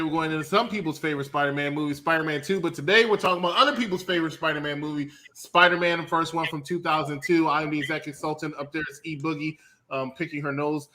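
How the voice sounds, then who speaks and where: A man's voice: on the high side, bright, forceful tone. A man hosting a casual podcast chat, upbeat and teasing as he hands the floor to others. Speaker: podcast host.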